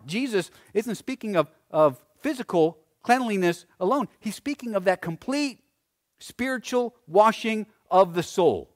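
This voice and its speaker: A man preaching a sermon, swinging between loud emphasis and hushed phrases, often repeating words as he presses a point. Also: high-pitched, expressive, measured pace. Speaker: pastor.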